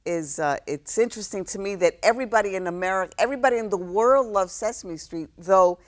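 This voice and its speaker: A woman in her sixties from New York City, a guest telling stories in a relaxed interview, reflective, with many fillers and restarts. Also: mid-range voice, quick pace. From New York City, South Bronx. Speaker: guest, actress.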